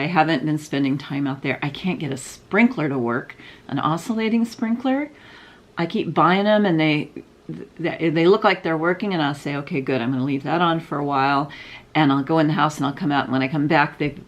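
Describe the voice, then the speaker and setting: An older woman vlogging from home, chatting casually and rambling, with frequent fillers and restarts. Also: sits low. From Southern California. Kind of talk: casual unboxing chat.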